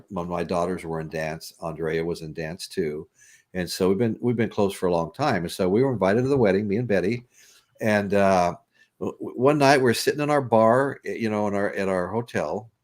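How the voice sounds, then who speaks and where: On his podcast, a man with a low voice speaks a little fast while telling a lengthy story in a casual chat. His delivery wanders, with repeated restarts and bursts of laughter.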